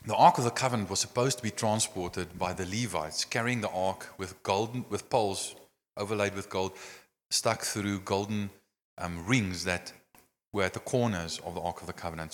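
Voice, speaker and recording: A man preaching a sermon, telling a Bible story with lively gestures and many "I mean" and "you know" fillers. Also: fairly low pitch, normal speed. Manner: animated storytelling, acting out scenes. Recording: long hall reverb.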